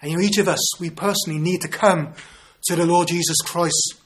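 Male preacher, 50s, earnest sermon delivery with rhetorical questions, slightly higher voice. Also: steady tone, fairly quick, a bit bright, a little hiss or hum. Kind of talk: evangelistic sermon.

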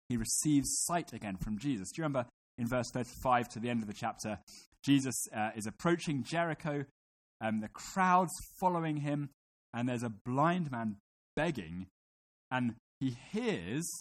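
Guy preaching a sermon to a room full of people, middle pitch, keeps asking them questions. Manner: teaching, asks the listeners questions. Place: room with a congregation.

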